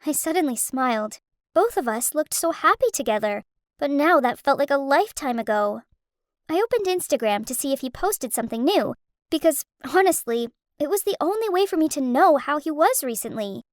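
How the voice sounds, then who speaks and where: A woman tells a first-person animated story with strong emotion. Her voice is high and swings widely in pitch. The recording is dry and close, with no room sound. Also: moderate pace, no room sound. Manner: emotional, dramatic. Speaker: narrator.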